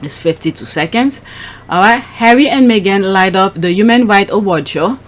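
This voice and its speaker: A woman's voice: medium pitch, expressive, moderate pace. Chatty woman host reacting to clips. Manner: chatty, reacts aloud while scrolling. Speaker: channel host. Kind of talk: casual commentary on clips and posts.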